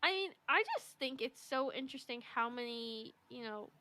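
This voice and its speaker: A young woman co-hosting a podcast, talking earnestly and haltingly with many fillers. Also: fairly high pitch, lively intonation, sharp tone, a little hiss or hum. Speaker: podcast co-host. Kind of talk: casual chat.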